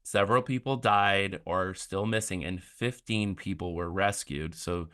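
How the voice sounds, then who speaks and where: A man's voice: low-pitched, normal speed, pushed and bright. A man chatting casually as a podcast guest, rambling with many "like" fillers. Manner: rambling, filler-heavy talk with lots of "like".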